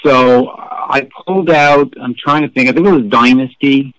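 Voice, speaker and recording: A middle-aged man, a rock journalist guest, telling anecdotes in a casual interview with an animated, profane, snarky manner. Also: medium pitch, moderate pace, no room sound, low-quality recording.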